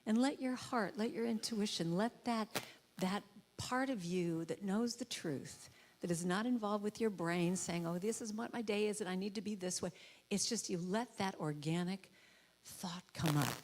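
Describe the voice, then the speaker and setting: Woman, church speaker, playful, inspirational talk, acts out quotes in squeaky comic voices, mic in a sanctuary. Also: normal speed, a little hiss or hum. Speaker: guest speaker and musician. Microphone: handheld or headset mic with trouble.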